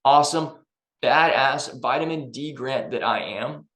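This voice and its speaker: A man's voice: medium pitch, unhurried, a bit bright, reverberant. A man giving an upbeat, emphatic motivational talk in a conversational way. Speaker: personal development vlogger.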